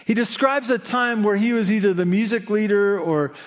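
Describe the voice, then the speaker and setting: A man's voice: high-pitched, normal speed. A man preaching a conversational sermon, asking the listeners questions and slipping in chatty asides. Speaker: pastor.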